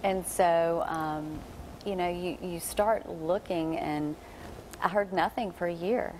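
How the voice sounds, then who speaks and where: A woman's voice: fairly low pitch, slow, a little mellow, slight background noise, poor audio. A woman guest on a television talk show, telling her own story earnestly and reflectively. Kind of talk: TV interview.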